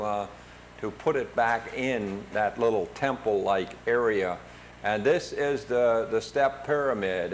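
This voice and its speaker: Older man narrating travel slides haltingly. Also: medium pitch, a little hiss or hum. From United States. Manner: hesitant, many fillers and restarts. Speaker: travel show host narrating photos. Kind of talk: casual narration over travel photos.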